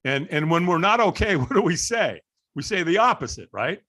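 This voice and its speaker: A middle-aged man telling a story as a guest on a podcast, animated and acting out the voices of people in the story. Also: on the high side, fairly quick. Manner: animated storyteller, acts out quoted dialogue. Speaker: guest, firewalk instructor.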